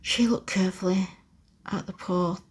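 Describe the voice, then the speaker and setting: A woman reading a classic children's book aloud in a slow, soft whispered role-play. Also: fairly low pitch, steady tone, breathy edge. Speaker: ASMR storyteller.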